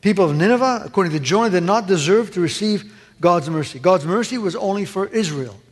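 A man's voice: high voice, expressive, a little fast, in a large hall. A man preaching a sermon with passion, acting out the voices he quotes. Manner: impassioned, acts out quoted voices.

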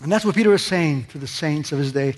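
A pastor with a high voice delivers an impassioned sermon. His pitch climbs sharply on questions and falls to a quiet hush at the ends of phrases. A long reverb trails each line, as in a large hall. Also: fast.

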